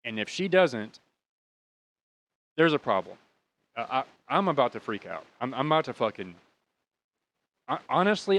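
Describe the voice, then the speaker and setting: A young American podcast host shares a personal story in an easygoing, rambling way, his casual speech laced with swearing and running with emotion. His mid-range voice has a fairly bright tone.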